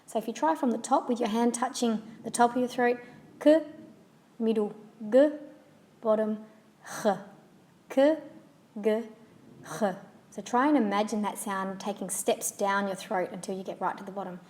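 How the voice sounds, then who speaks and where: A woman who grew up guides learners through French sounds. She talks in a calm, even teaching voice at a middle pitch and says each example word slowly and carefully, more than once. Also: slight background noise. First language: English. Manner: patient, repeats model words slowly and carefully. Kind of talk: slow, clear pronunciation lesson.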